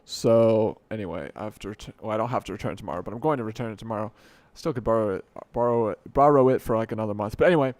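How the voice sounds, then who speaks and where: A man's voice: on the low side, very fast, few pauses, darkish tone, no room sound. Rambling young man hosting a podcast. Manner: rambling, self-correcting, joking at himself. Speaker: podcast host. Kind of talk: unscripted solo podcast talk. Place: home room at night, dim light. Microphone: desk mic.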